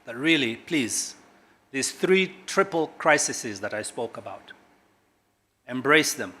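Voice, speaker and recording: A middle-aged man from Kenya, a government guest speaker at a corporate launch, speaks emphatically and swings sharply between loud and quiet. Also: medium pitch, animated, takes it slowly. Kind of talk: public speech at a corporate launch.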